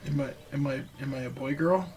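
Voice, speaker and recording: A man playing a tabletop role-playing game who speaks in a hesitant, halting way. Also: medium pitch, a little mellow. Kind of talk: casual tabletop game chat.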